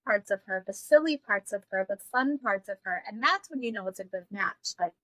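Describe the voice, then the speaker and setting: A woman's voice: mid-range voice, lively intonation, a little fast, bright, forceful tone, no room sound. A woman in her forties, a podcast co-host, chatting casually in a frank, gossipy way. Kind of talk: casual chat.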